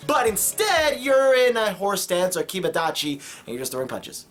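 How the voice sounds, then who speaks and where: A man's voice: high voice, very animated, normal speed, a bit bright. A young man from Chicago talking to camera in a casual vlog, jokey and rambling, with many fillers and self-mocking asides. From Chicago, United States. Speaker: vlogger.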